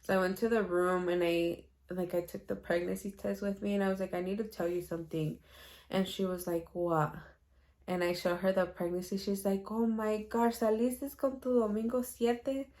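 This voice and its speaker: A young woman vlogger telling a personal story in a casual, chatty way, laughing often and slipping in Spanish phrases. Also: mid-range voice.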